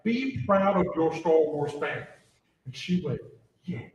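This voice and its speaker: A man, speaking as a convention panelist. He tells stories in a lively, rambling way with plenty of fillers. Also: fairly high pitch, measured pace, lo-fi sound. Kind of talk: casual panel storytelling. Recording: echoey convention room, distant mic, faint noise.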